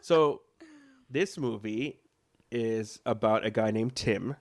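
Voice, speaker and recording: A man's voice: fairly low pitch, slow pace, a little mellow. A young man hosting a casual podcast from home, rambling and joking with frequent self-corrections. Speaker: podcast host. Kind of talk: casual chat.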